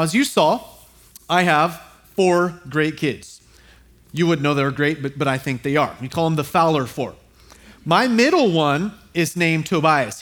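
A man delivers a sermon in a fairly high voice, weaving in a funny family story. He stumbles and restarts often and turns to the congregation with quick asides. His delivery is animated and he acts out the voices in his stories. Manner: storytelling with humor and audience asides. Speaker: pastor.

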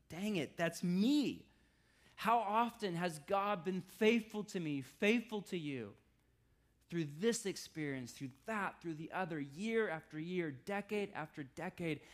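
A man preaching a sermon in a conversational style, with wry asides, often dropping his voice low for emphasis. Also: lively intonation, a little slow. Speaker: pastor.

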